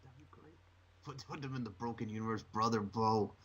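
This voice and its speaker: A man co-hosting a wrestling podcast in casual chat, animated and profane, often breaking into shrill mocking voices. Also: brisk, a little hiss or hum. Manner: animated, swearing, jumps into shrill mocking impressions. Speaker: podcast co-host.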